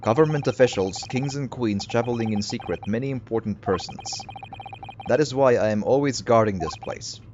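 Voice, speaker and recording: A man putting on a gruff hulking Russian sailor. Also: mid-range voice, fairly quick, natural voice. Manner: broken English, mock Russian accent, blunt. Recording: slightly muffled, steady hiss behind.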